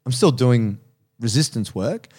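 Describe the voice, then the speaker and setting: A man's voice: medium pitch, expressive, unhurried, warm tone, slightly rough. A man hosting a casual podcast, talking animatedly about jiu-jitsu coaching, laughing often and swearing casually.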